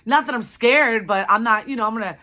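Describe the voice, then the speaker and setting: A woman's voice: on the high side, brisk, pushed and bright. A young adult woman telling a personal story to her viewers in a casual, chatty way, full of "like" and "you know". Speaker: vlogger.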